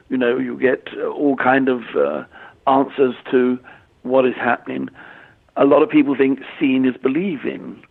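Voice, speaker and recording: An English man in his sixties, a medium, answering interview questions in a halting way, often repeating words and using fillers. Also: medium pitch, gravelly. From England. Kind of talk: conversational interview. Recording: tinny phone-line audio.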